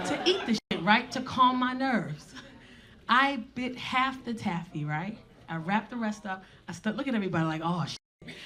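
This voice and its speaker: A woman stand-up comedian telling a profane, animated story that builds to shouts. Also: medium pitch, slight background noise. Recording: live club, crowd laughter. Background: audience laughter.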